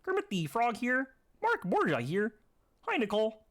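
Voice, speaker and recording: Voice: mid-range voice, wildly swooping pitch, normal speed, a bit bright, voice pushed up. Kermit the Frog, as a streamer puts it on. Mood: goofy. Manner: chirpy, jokey impression. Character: a game character done as a cheery frog puppet.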